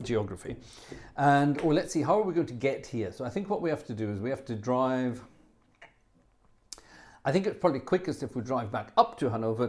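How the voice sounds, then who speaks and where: A man's voice: medium pitch, a little mellow. Chatty man hosting a live stream. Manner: chatty, rambling, jokey asides. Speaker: organist and livestream host. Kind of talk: casual live-stream chat between pieces.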